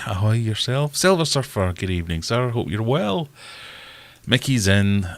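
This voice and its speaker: A man with a somewhat low voice hosts a relaxed live stream. He chats loosely, greets viewers by name and makes fun of himself. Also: slow pace, gravelly, no echo. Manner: self-deprecating, chatty, greets viewers by name. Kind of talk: casual live-stream chat.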